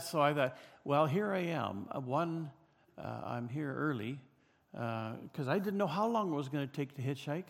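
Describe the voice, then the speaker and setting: An older man from British Columbia, Canada, telling a personal story in a halting way with many fillers and restarts. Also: a little high, very animated, gravelly, big-room sound.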